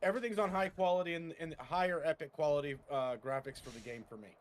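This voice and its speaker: A man chatting casually in a gaming voice chat, animated and talkative. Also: on the high side, fast talker.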